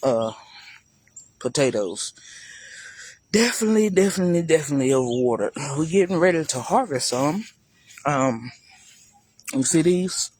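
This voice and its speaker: A man's voice: mid-range voice, measured pace, long pauses, darkish tone, breathy edge, dry recording. A man giving a casual, chatty walk-through of his garden for viewers, talking loosely and calling them y'all. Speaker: gardening vlogger. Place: outdoor garden.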